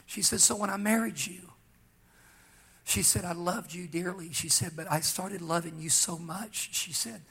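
A pastor preaching, telling a personal story and pressing key lines with slow, emphatic rises. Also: male voice, a little high, fairly bright tone, breathy edge. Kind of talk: sermon testimony.

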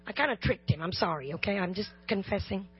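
A woman's voice: medium pitch, lively intonation, fast, slightly rough. A woman preacher giving a sermon with personal testimony, humorous and impassioned, talking straight to the congregation. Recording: dull lo-fi recording.

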